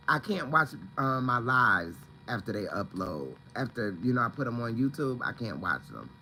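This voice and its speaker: Indoors at home, a livestream host chats casually in a bright, forceful mid-range voice, rambling and greeting viewers by name. The rough recording carries a little hiss or hum.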